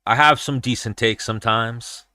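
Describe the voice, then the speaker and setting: A man's voice: medium pitch, steady tone, moderate pace, sharp tone, dry recording, studio quality. A man hosting a casual livestream chat while watching fights, blunt, profane and rambling. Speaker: podcast host.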